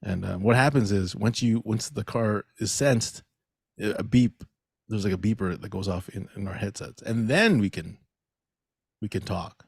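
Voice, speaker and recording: A man co-hosting a casual comedy podcast, chatting in an animated way and often asking "you know what I mean?". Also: fairly low pitch, moderate pace, gravelly, slightly rough, no echo, studio quality.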